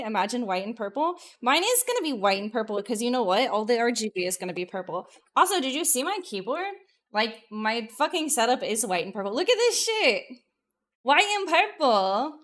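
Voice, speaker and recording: Excitable, profane woman streamer, slightly high. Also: fairly quick. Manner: excitable and profane, apologizing and swinging between loud and muttered. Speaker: VTuber streamer. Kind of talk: casual live-stream chat, reading out viewer comments.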